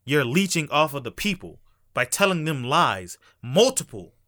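A man co-hosting a casual podcast chat, emphatic and jokey, trailing off quietly as he wraps up his points. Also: a little high, very animated, normal speed, dry recording, studio quality. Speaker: podcast co-host.

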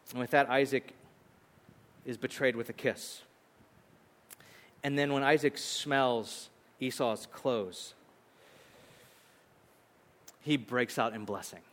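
A male pastor preaching a sermon, retelling a story in an animated, conversational way. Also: a little high. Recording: long hall reverb.

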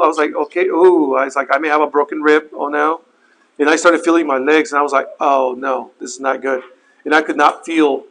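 A man telling a personal story in a halting, earnest way, often repeating words and restarting his sentences. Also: on the high side, fairly bright tone, low-quality recording. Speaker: helicopter flight instructor telling his crash story. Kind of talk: personal account, spoken testimony.

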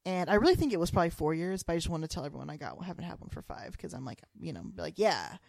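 A young adult woman co-hosting a podcast in casual chat, animated and giggly, filling her talk with "like". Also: lowish voice, very fast, vocal fry, no room sound, studio quality. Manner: animated, giggly, lots of "like" fillers. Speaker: podcast co-host.

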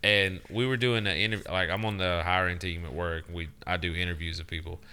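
A man with a low, smooth and very bright voice chats on a podcast. He rambles through stories, swearing often and poking fun at himself. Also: steady tone, brisk. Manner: rambling, swears a lot, self-deprecating. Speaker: podcast co-host. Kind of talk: casual profane chat.

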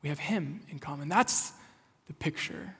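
In a church sanctuary with long hall reverb, a young adult man delivers a sermon as pastor. His slightly high, fairly bright voice is a bit rough and unhurried, moving from casual stories to earnest exhortation.

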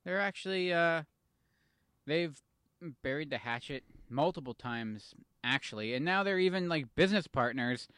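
A man's voice: fairly high pitch, expressive, normal speed, a bit bright, smooth, dry recording. A man co-hosting a podcast, telling stories in a chatty way and swearing casually. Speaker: podcast co-host. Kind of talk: casual chat.

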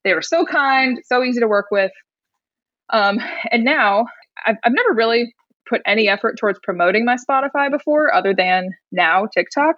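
A young woman from Indiana, telling a story as a podcast guest in an animated way, laughing often. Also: a little high, no echo. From Indiana, USA. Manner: animated, laughing, quick restarts. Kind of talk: casual storytelling. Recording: dull lo-fi remote audio.

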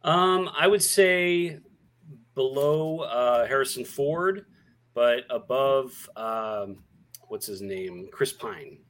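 A man in a mid-range voice, co-hosting a casual podcast chat over a video call as the film buff. He weighs his words slowly, with plenty of ums and uhs. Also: mid-range voice, lively intonation, a bit bright. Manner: hesitant, many ums and uhs.

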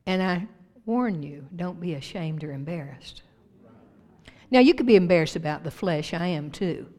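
A woman pastor preaching a sermon to her church with emphatic swings in pitch and volume. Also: animated, moderate pace. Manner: emphatic preaching with big rises and drops in pitch and loudness. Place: church sanctuary. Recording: long reverb of a church hall.

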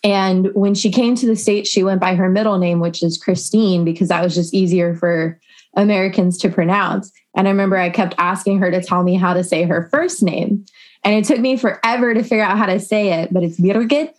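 Young woman guest, rambly storyteller, laughs a lot, medium pitch. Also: steady tone, a little fast. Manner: chatty storyteller, laughs often. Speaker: podcast guest. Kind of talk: casual chat.

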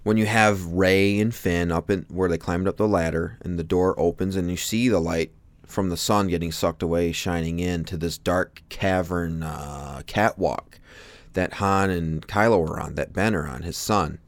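Brief: low-pitched male podcast co-host, eager film fan, dry close sound. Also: steady tone, moderate pace, no echo. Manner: enthusiastic, hums film music. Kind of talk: casual movie discussion.

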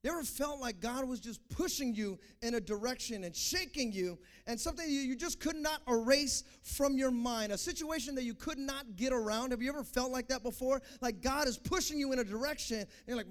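A young male preacher with a strikingly high voice delivers an impassioned sermon. He builds to fervent shouts, then drops to a hushed, confessional tone. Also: expressive, a little fast.

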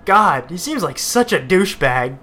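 A man's voice: high voice, very animated, normal speed, bright, forceful tone. A man co-hosting a casual chat, earnest and argumentative, often tripping over his words.

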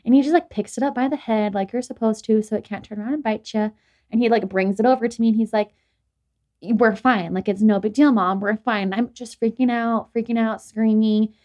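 A woman's voice: a little high, fairly even intonation, fast, dark tone. Young woman podcaster just rambling along, says like a lot, casual chat. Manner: rambling, filler-heavy storytelling with frequent "like". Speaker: podcast host.

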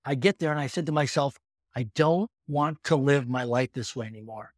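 A man in his fifties, a podcast guest telling his story with energetic, animated delivery. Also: mid-range voice, moderate pace, no room sound, studio quality. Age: 50s. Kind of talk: storytelling in conversation.

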